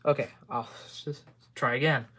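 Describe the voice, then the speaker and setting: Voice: medium pitch, steady tone, moderate pace, pushed and bright. A tired amateur reader working through a children's story aloud, stumbling over words, correcting themselves and swearing under their breath.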